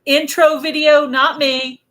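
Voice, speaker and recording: Bright, giggly woman hosting a live chat. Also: sits high, level tone, takes it slowly, rough recording. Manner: chatty, giggly storyteller. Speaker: host. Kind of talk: casual live-stream interview chat.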